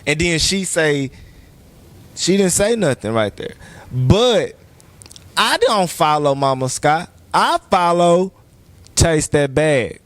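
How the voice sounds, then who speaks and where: Dude going off on a podcast, high voice, cussing a lot, super dry close sound. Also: male voice, slow pace, pauses often, dry recording. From East Texas. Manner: animated, emphatic, profane ranting. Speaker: podcast guest. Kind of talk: heated podcast conversation.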